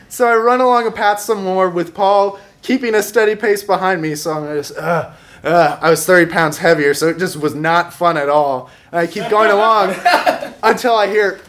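A man's voice: high voice, moderate pace, fairly bright tone, a little hiss or hum. Wry young man telling a comic story. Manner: wry, self-mocking, chuckles through his lines. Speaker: storyteller at a live show.

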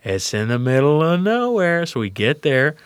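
A man's voice: fairly high pitch, normal speed, clean tone, dry recording. Profane storytelling man, dry sound. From Louisiana, USA. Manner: profane, animated, quotes people in voices. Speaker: podcast guest. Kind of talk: casual storytelling.

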